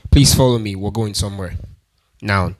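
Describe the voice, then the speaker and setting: Keyboard sounds and a noisy background accompany a man hosting a music tutorial, speaking at normal speed in a lowish voice. He counts the beats out loud and goes over each step again patiently.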